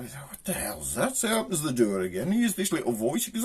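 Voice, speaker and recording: A man with a Black Country accent telling jokes, doing his characters' voices with shouts and raised pitch. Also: big pitch swings, quick pace, few pauses, husky. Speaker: joke teller.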